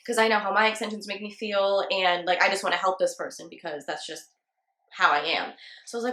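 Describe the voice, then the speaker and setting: A young woman with a mid-range voice speaks a little fast, her tone pushed and bright, in a roomy-sounding space. A hairstylist who hosts a channel, she tells a chatty, casual storytime packed with "like" and other fillers.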